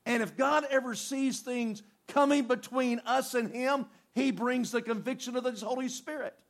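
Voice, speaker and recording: A man preaching a sermon, reading scripture and acting out prayers in an animated, conversational way. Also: very high voice, normal speed, gravelly. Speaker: pastor.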